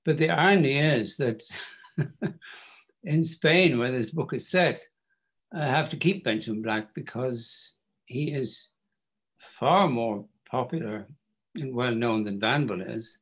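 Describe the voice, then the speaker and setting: Wry older author. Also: male voice, mid-range voice, slow pace, pauses often, a bit bright, husky. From Ireland. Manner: wry, self-deprecating storyteller. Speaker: author guest. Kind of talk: bookstore event interview.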